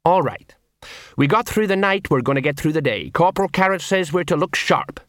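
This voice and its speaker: A man's voice: fairly high pitch, lively intonation, brisk, no echo, studio quality, pitched above the performer's own voice, close to an everyday voice. A man voicing a tired, middle-aged city watch sergeant in a storybook reading. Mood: weary. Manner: weary.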